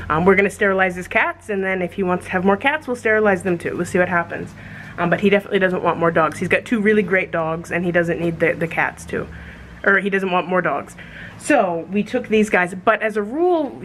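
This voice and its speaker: A young American woman vlogging casually about rescue puppies, chatty, sometimes breaking into high baby talk for the dogs. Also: a bit bright, slight background noise. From United States. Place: animal shelter, outdoors.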